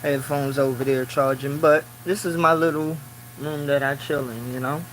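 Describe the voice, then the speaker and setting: A man's voice: fairly high pitch, fairly even intonation, moderate pace, a little hiss or hum, poor audio. A man hosting a casual live stream from his small office at work, talking in loose phrases full of "you know". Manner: talks in loose run-on phrases, many "you know" fillers; grows loud and preaching when riled. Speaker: livestreamer.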